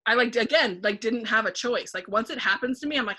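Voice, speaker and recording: A woman guest in a casual podcast conversation, telling a personal story in an animated way and acting out her own thoughts aloud, with frequent "like". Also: on the high side, fairly quick, a little hiss or hum. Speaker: podcast guest, painting facilitator.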